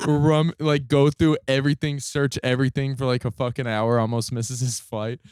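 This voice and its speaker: Smooth-voiced man guesting on a podcast. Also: medium pitch, moderate pace, no room sound, studio quality. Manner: relaxed anecdote teller, easy laughter. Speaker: podcast guest, touring musician. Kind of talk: casual chat.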